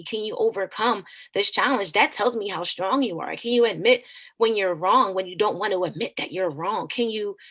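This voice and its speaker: A woman teacher and author talking earnestly in an interview, animated and preachy, often restarting her words. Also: mid-range voice. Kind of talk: conversational interview.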